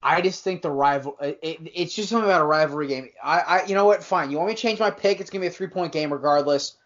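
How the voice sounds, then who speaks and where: A man's voice: fairly high pitch, quick pace, fairly bright tone. A man co-hosting a casual sports podcast, rambling and teasing, often correcting himself mid-sentence. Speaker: podcast co-host. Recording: dull lo-fi podcast audio.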